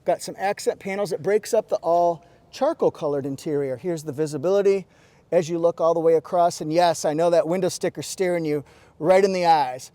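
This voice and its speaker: A man's voice: on the high side, brisk, dark tone, dry recording. Chatty man reviewing a car. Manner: chatty, quirky, jokey asides. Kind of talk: casual walkaround review. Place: inside a parked car. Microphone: lapel mic pack.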